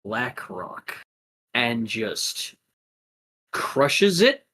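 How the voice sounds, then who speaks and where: A man narrating a tabletop role-playing game as game master, casual and animated, with many fillers. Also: mid-range voice, very slow, slight background noise.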